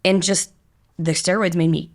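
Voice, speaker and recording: A middle-aged woman with a low, gravelly voice speaks as a podcast guest. She tells her story frankly, stringing thoughts together in long, open-hearted runs. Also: level tone, moderate pace, darkish tone. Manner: frank and open, talks in long run-on stories. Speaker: podcast guest, business owner. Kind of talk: candid conversational storytelling.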